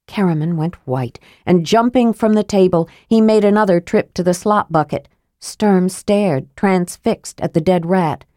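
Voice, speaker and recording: A woman narrating a fantasy audiobook in a measured, steady storytelling manner. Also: lowish voice, no echo, clean studio sound.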